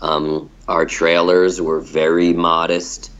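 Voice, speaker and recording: A fairly low-voiced man from the United States chatting in an interview. His talk is lively and loose, full of restarts and quick laughs. The sound is a dull, lo-fi remote recording. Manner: animated, laughing, repeats words when starting sentences. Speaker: actor being interviewed. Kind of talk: casual interview chat.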